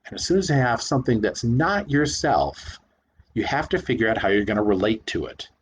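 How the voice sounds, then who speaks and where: A man's voice: medium pitch, big pitch swings, a little fast, slight background noise. A man giving a reflective spoken lecture on rhetoric, talking emphatically and leaning hard on single words. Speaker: commentator on rhetoric.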